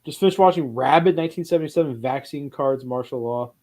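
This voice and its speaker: An animated man chatting casually on a film podcast. He tells stories with energy and swears freely. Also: medium pitch, quick pace. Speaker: podcast co-host. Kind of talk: casual chat.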